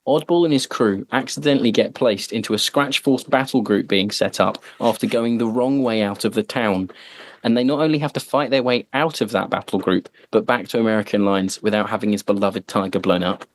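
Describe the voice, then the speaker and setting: A man's voice: fairly low pitch, fairly quick, dry recording. A man hosting a podcast, chatting casually and joking, with lots of fillers. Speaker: podcast host. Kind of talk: casual chat.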